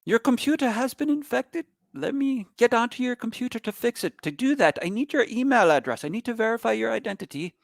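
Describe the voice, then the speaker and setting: A pushy, officious phone scammer with a strange put-on accent, as a man acts him out. The voice sits well above the speaker's own, with a gravelly edge and a dry, close sound. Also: very high voice, expressive, brisk, few pauses, no room sound, pitched above the performer's own voice, exaggerated voice. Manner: insistent and officious.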